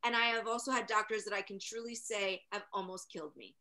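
A woman's voice: mid-range voice, fairly even intonation, quick pace, sharp tone. A woman playing on a game show, talking earnestly and emphatically in casual chat.

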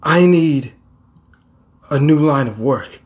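Male reader voicing an overwhelmed young hero, strained, repetitive, a bit higher. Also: slow pace. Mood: despairing.

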